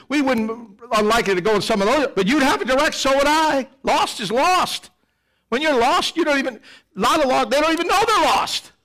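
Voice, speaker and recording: A middle-aged man preaching a sermon in church, animated, swinging between loud emphasis and quiet asides. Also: high voice. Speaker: pastor. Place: church sanctuary.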